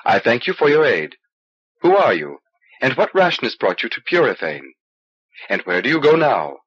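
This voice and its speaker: A man's voice: mid-range voice, very animated, normal speed, a bit bright, breathy edge, dull audio. A man voicing a weary, stranded male traveler who speaks formally and earnestly, on an old cassette recording.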